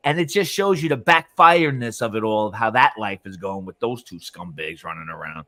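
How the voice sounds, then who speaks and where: A man co-hosting a live panel talk show, chatting in a loose, rambling way that is full of swearing and quick laughs. His pitch swings widely as he talks. The recording is dry and close, with no room sound. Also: animated, sharp tone, no echo. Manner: profane, rambling, laughs often. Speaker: podcast co-host. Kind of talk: casual live panel chat.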